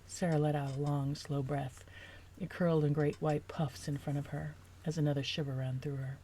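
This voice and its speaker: A woman's voice: deep voice, little pitch movement, mellow, slight background noise. Woman reading her own novel aloud. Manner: pauses to rework sentences while reading. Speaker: author.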